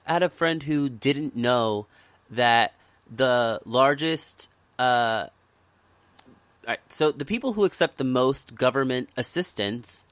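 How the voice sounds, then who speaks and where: A man's voice: medium pitch, fairly bright tone, dry recording. A man from the United States hosting a podcast, talking politics in a casual, impassioned way and repeating words when worked up. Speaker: podcast host.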